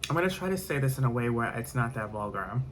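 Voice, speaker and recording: Man, casual vlog storytelling, candid, rambling, graphic, mid pitch, faint background noise. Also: animated, fast talker.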